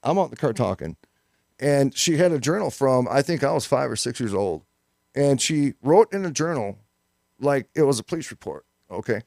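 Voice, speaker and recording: Gravelly, animated joking man. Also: medium pitch, normal speed, no echo, studio quality. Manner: joking, theatrical storyteller. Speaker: co-host. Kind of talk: casual live show banter.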